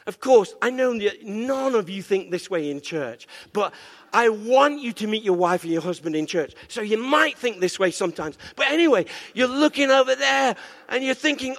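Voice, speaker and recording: A man preaching a sermon as pastor, animated and playful, calling out to the congregation for amens. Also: sits high, moderate pace. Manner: animated, playful, call-and-response. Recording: echoey church hall.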